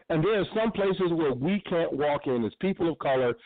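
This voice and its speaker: A man's voice: fairly high pitch, brisk, hardly any pauses, no echo. A man hosting a radio show, giving blunt, profane, impassioned commentary. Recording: tinny phone-line sound.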